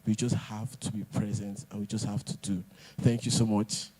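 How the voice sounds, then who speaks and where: A man's voice: fairly low pitch, little pitch movement, normal speed, mellow, slightly rough. A man giving a motivational talk at an event, emphatic and repeating his points. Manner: emphatic, repeats lines, pidgin asides. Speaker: speaker.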